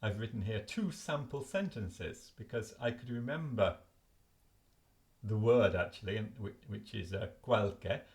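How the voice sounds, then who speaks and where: A man's voice: fairly low pitch, expressive, unhurried, a little mellow. An older man explaining his flashcards in a chatty, self-correcting way at home. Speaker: language learning video host. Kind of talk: casual explanatory talk to camera.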